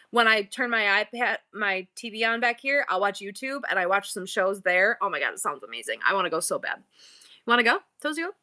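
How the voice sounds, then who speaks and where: A woman's voice: medium pitch, bright, forceful tone. A middle-aged woman hosting a live-selling stream, bubbly and playful in an exaggerated customer-service voice, rambling between topics. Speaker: online live-selling host. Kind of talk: casual livestream chat.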